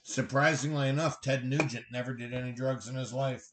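A man's voice: mid-range voice, fairly even intonation, a little fast, noisy background. A middle-aged man hosting a casual chat, joking crudely and reading out news headlines. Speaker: podcast host.

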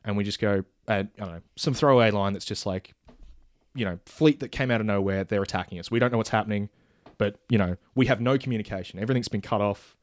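With a quick pace and no echo on the recording, a man rambles through a casual film pitch. He leans on fillers, keeps restarting, and every so often acts out what the characters would say.

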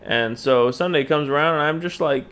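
Gravelly man telling a crude story. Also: fairly high pitch, moderate pace. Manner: animated, profane, slangy storyteller. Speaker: podcast co-host. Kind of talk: casual storytelling chat.

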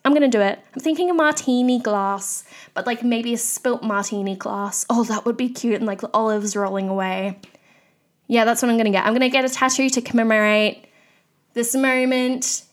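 A woman's voice: on the high side, fairly even intonation, normal speed. A young woman hosting a solo podcast, ranting candidly in a chatty way with lots of fillers. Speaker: podcast host.

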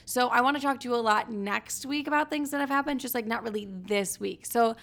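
A woman's voice: a little high, a little fast, gravelly, fairly bright tone. A young adult woman hosting a casual solo podcast, rambling through blunt, profane opinions. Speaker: podcast host.

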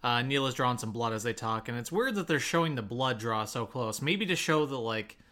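A man's voice: mid-range voice, animated, brisk, pushed and bright. A man co-hosting a casual TV recap podcast, hesitant and often restarting his thoughts. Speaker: podcast co-host.

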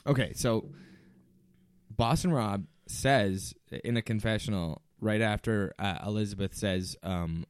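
A man's voice: lowish voice, unhurried, clear, resonant tone, dry recording, clean studio sound. A male podcast co-host in casual chat, sounding stuffed up and nasal, talking with lots of hesitant restarts.

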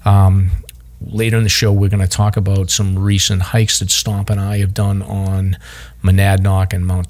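A man with a deep voice hosts a hiking podcast. He talks in a relaxed, rambling way, with plenty of fillers and self-corrections. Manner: loose and chatty, many fillers and restarts. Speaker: podcast host. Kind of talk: casual chat.

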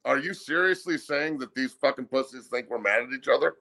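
A man's voice: medium pitch, a little fast, vocal fry, sharp tone. A man appearing as a guest on a sports talk show, cursing freely in heated, casual sports chat. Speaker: guest commentator.

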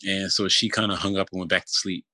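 Casual young man, deep steady voice, dry close recording, personal storytelling. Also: quick pace, breathy edge, no echo. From Philadelphia area. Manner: casual, many fillers like "you know" and "kinda".

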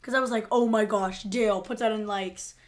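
A woman chatting casually as a podcast co-host, quick to laugh and agree while recapping a TV episode. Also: mid-range voice, fairly even intonation.

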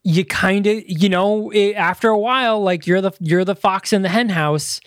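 A man co-hosting a casual movie podcast, his voice sitting a little high. He rambles and restarts his sentences, and the sound is dry and close with no room around it. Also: moderate pace, no echo. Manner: rambling, loose, lots of fillers and restarts. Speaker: podcast co-host. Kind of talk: casual movie review chat.

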